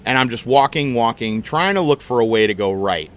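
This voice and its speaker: A man hosting a podcast, telling a story in a casual, animated, chatty way and swearing freely. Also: medium pitch, fairly quick, a little hiss or hum. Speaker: podcast host.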